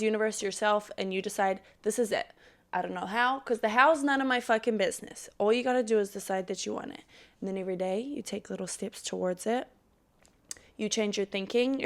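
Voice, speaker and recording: A young woman with a creaky, mid-range voice hosts a solo podcast. She chats casually and profanely before launching into a fired-up pep talk.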